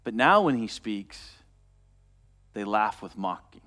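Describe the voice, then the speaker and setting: A man preaching a sermon, retelling a story and dropping to a soft, quiet voice for quoted words. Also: on the low side, very animated, slow. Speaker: pastor.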